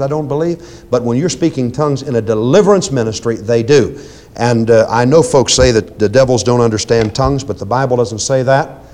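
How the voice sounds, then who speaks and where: In a medium-pitched voice over slight hiss or hum, a man delivers an emphatic, commanding sermon about deliverance ministry. He speaks straight to the congregation, repeats phrases, and alternates loud commands with quiet asides.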